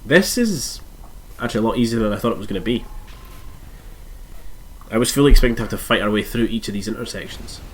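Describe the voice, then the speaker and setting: A man's voice: lowish voice, fast talker, pauses often, a little hiss or hum. A man streaming a strategy game live, thinking aloud through his moves in a congested, nasal voice. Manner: thinks aloud while playing, musing and self-correcting.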